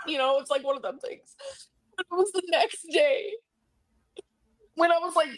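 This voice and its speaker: A woman's voice: high-pitched, fairly quick, pauses often, no echo. A woman vlogging about a lost pet in a dramatic, swearing way. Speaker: vlogger in clip. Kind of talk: emotional vlog storytelling.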